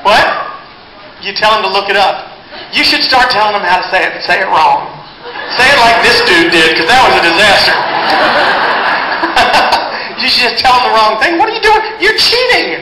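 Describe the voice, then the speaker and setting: A man's voice: high-pitched, expressive, moderate pace, long pauses, a little hiss or hum. A male performer joking and teasing with a live audience between songs, speaking into a stage microphone. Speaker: performer and bandleader. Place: live concert hall. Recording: echoey concert hall, loud crowd.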